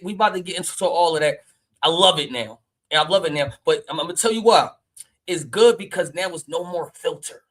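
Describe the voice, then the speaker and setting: A man with a Philadelphia accent hosting a casual livestream, brash and loud, trash-talking and laughing often. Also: on the high side, poor audio. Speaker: livestream host.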